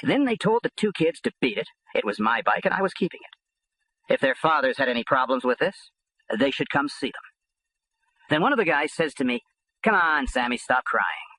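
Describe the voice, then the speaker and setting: A man's voice: on the high side, sing-song, normal speed, vocal fry, fairly bright tone, husky, no echo, rough recording. A man reading an audiobook in first person, with a blunt, streetwise delivery. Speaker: audiobook narrator.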